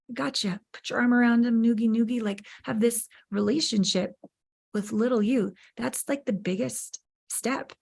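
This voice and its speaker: A woman in her fifties, an intimacy coach speaking as a podcast guest, frank and emphatic, swearing freely as she tells her story. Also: mid-range voice. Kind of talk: candid podcast interview.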